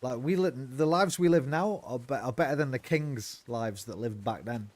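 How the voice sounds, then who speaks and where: A man's voice: medium pitch, moderate pace, darkish tone. A man giving casual, profane, rambling commentary as he streams a game.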